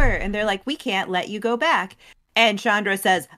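Woman chatting lore recap, acts out the characters' lines, lively and casual. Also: medium pitch. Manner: animated, acts out characters' lines in quick voices. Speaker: co-host recapping story lore. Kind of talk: casual chat.

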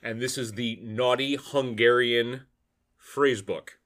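A man's voice: mid-range voice, takes it slowly. A man co-hosting a podcast, chatting casually and acting out comedy sketches with laughter and swearing. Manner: animated, acts out quoted lines, laughs often, swears. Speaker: podcast co-host.

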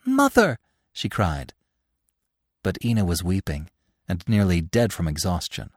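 A man's voice: low voice, husky, no echo, studio quality. Man narrating a classic audiobook. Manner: measured, expressive reading. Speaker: audiobook narrator and podcast host.

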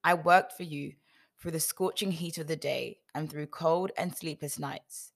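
A worn, aggrieved herdsman, read by a woman defiantly counts up his years of hard work. The voice is low and close to a plain storybook reading. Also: fairly even intonation, measured pace, creaky, heavily acted.

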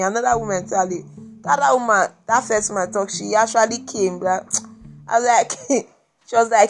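A Nigerian woman hosting a podcast, telling a personal story in a casual, animated and exasperated way, repeating herself for emphasis. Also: fairly high pitch, normal speed, faint music behind. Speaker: podcast host.

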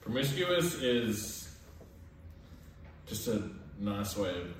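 Male co-host, animated and quick to laugh; distant, very roomy sound. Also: fairly low pitch, slight background noise. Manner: quick laughs and teasing replies. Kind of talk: casual comedic chat. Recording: echoey room, away from the mic.

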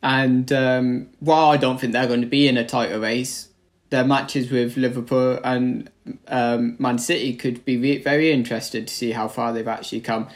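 Bloke on a footy podcast, mid voice, lots of ums, laid back. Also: male voice, mid-range voice, normal speed. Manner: relaxed, hesitant, frequent ums. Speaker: podcast co-host. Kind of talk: casual football chat.

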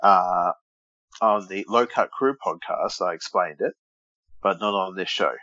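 A man's voice: low-pitched, unhurried, pushed and bright, dry recording, highs cut off. A man co-hosting a wrestling podcast in casual chat, joking and teasing, often stumbling over names. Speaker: podcast co-host.

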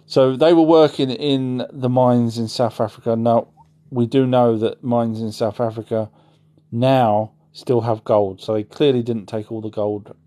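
A man with a warm, medium-pitched voice hosts a casual livestream, answering chat in a rambling way. He often corrects himself and drops apologetic asides.

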